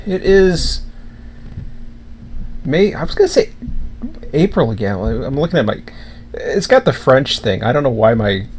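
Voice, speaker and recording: A man's voice: medium pitch, wildly swooping pitch, slow, creaky, pauses often, a little hiss or hum, low-quality recording. A Canadian man chatting casually on a live stream from home, rambling to himself while he fiddles with his camera and chat window. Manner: rambling, self-talking while fiddling with setup. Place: home room, at computer.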